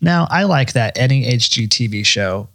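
A man's voice: medium pitch, animated, normal speed, fairly bright tone, no room sound. A man co-hosting a podcast in casual chat, dropping dry, wry quips and short prompts. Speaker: podcast co-host.

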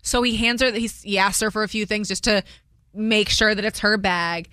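Bright, dry-voiced woman telling a story. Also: medium pitch, moderate pace, clean tone, no echo. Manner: lively, acts out the people in her story. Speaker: radio show host. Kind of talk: animated storytelling on a radio show.

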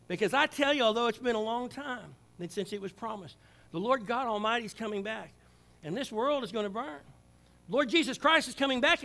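An older man preaching a Sunday sermon in a high, gravelly voice. His tone is bright and pointed, and he moves from ringing calls down to quiet, hushed stretches. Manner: preaching with big swings from loud calls to hushed, low passages. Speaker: pastor.

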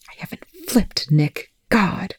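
A blunt, tense military officer, as a narrator voices him in an audiobook, hissing and snapping terse lines. The tone is mellow and dark. It is a dry, close recording. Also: medium pitch, moderate pace, gravelly, no echo. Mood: tense, hushed. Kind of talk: audiobook reading of fan fiction.

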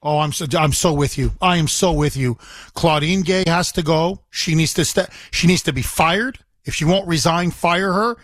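A man's voice: fairly high pitch, normal speed, a bit bright, no echo, clean studio sound. A man hosting a talk radio show, talking emphatically and indignantly and repeating himself for emphasis.

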